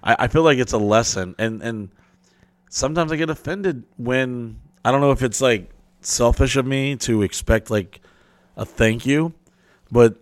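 A man's voice: mid-range voice, unhurried, dry recording. A man hosting a podcast, telling rambling, profane stories in casual chat and acting out the people in them. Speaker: podcast host.

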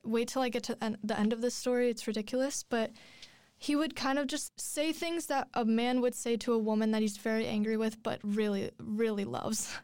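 A woman's voice: on the high side, steady tone, a little fast, a little mellow, clean tone, dry recording. A woman in her twenties telling a long personal story in a casual chat, rambling with many fillers and restarts. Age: 20s.

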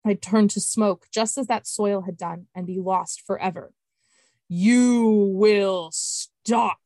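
A woman podcast host reading an excerpt of her fantasy novel in steady, clear storytelling. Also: medium pitch, normal speed, dry recording.

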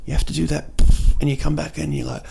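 This fast-talking man has a slightly high, gravelly voice with a darkish tone and little pitch movement, plus slight background noise. He hosts a casual solo podcast indoors at night in a city, rambling and joking with many fillers and restarts.

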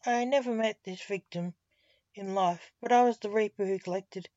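A woman's voice: medium pitch, moderate pace, dark tone, dry recording, lo-fi sound, natural voice. A male necromancer voiced by a woman. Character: male necromancer, a newspaper reporter.

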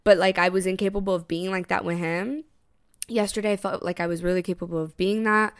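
Animated young woman with a smooth voice. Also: medium pitch, quick pace. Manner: animated storytelling, acts out both sides of a quarrel; frank, swears freely, says "literally" and "girl" often. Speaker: podcast co-host. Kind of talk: casual chat.

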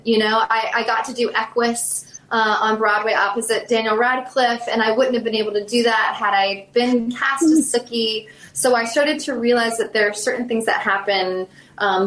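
Actress guest, Southern woman in her thirties, chatty storyteller, mid pitch, echoey room. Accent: Southern American. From South Carolina. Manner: chatty, animated, many fillers. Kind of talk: casual interview storytelling.

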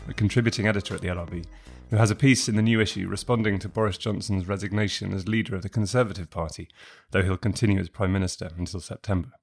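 Low-voiced man hosting a podcast. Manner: measured, clearly articulated questions. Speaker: podcast host. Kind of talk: scripted podcast introduction and interviewing.

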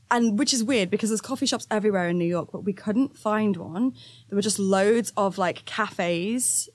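A woman's voice: mid-range voice, no room sound. Chatty, self-deprecating woman. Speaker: podcast co-host. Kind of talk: casual chat.

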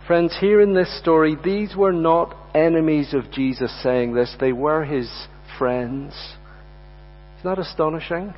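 A man delivers an earnest sermon from a lectern, repeating words as he drives his points home. His voice sits a little high for a man. The recording is dull and lo-fi, with a long reverb from the hall. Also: measured pace. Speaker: preacher. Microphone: lectern mic.

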